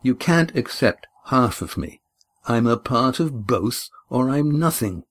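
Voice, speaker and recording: A man's voice: medium pitch, expressive, measured pace, a bit bright, pitched above the performer's own voice. A man voicing a defiant, impatient young man in an audiobook, speaking earnestly and insistently.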